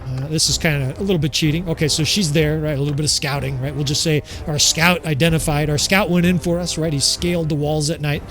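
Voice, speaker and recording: Man, gameplay commentary, casual, candid, swears often, slightly high voice, faint music behind. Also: fairly even intonation, fast talker, hardly any pauses, fairly bright tone. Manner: candid, swearing, addresses viewers as fellas. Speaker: gaming channel host.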